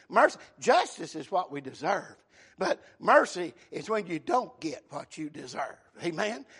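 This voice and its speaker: A man preaching a sermon, emphatic, calling out amen and shouting at the peaks. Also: sits high. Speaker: pastor.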